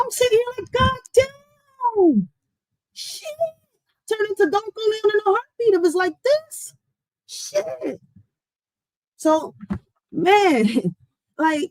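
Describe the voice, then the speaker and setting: A woman hosting a livestream, venting in a blunt, profane, animated way. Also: a little high, no room sound, poor audio. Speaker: livestream host. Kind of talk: casual livestream rant.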